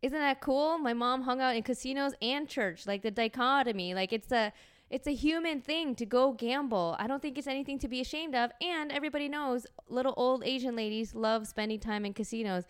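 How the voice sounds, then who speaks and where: Brief: woman in her forties, podcast host, animated comedic storyteller with a smooth, clear voice. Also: sits high, a little fast, dry recording, studio quality. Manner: animated, profane, acts out quotes.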